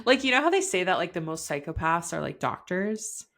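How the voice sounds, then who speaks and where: A chatty young woman with a fairly low pitch talks briskly as a podcast guest, telling her birth story in casual conversation. She says "like" a lot, laughs often, and quotes herself and others in animated bursts.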